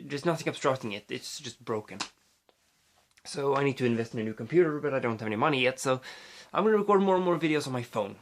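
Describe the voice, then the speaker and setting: A man from Sweden with a Swedish accent talks straight into his phone's mic. He rambles loosely, restarting his sentences and padding them with fillers, at an ordinary pitch for a man. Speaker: vlogger. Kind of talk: casual rambling vlog.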